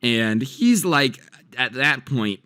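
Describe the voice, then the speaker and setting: A man's voice: medium pitch, animated, takes it slowly, sharp tone, no room sound, clean studio sound. A man casually narrating a story as a channel host, chatty and loose with lots of fillers.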